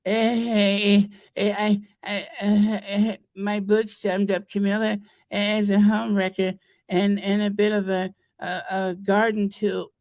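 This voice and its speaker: A livestream host mimicking a stammering woman author, halting and stuttering. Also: medium pitch, flat delivery, a little mellow, no room sound, pitched above the performer's own voice. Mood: mocking.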